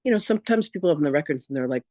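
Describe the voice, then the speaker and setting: Animated man with a higher voice. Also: racing, no room sound, studio quality. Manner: animated, acts out quoted voices, casual and candid. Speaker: spiritual teacher and reverend. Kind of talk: personal storytelling in an online masterclass.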